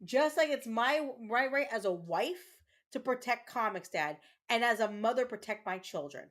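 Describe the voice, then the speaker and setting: A mother in her thirties vents to her livestream chat in an angry, repetitive rant. Her voice sits a little high for a woman. She swears freely and circles back to the same points over and over. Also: animated, moderate pace. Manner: angry ranting, swears, repeats herself. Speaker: streamer, mother. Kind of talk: casual livestream chat while gaming.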